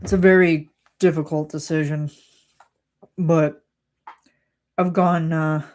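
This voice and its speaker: A woman's voice: low-pitched, a little slow, pauses often. Exasperated woman retelling a work story. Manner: animated, exasperated retelling with quoted dialogue. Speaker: streamer. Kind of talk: livestream chat storytelling.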